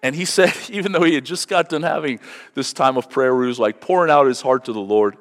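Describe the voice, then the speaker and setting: A man's voice: mid-range voice, fast talker. A man preaching a Sunday sermon as pastor, earnest and conversational, often repeating words as he starts a sentence. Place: church sanctuary. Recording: long hall reverb.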